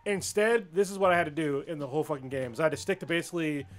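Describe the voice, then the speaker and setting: A young man talks quickly and bluntly on a casual podcast. He swears freely and sits a little above the usual male pitch. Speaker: podcast co-host. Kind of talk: casual chat.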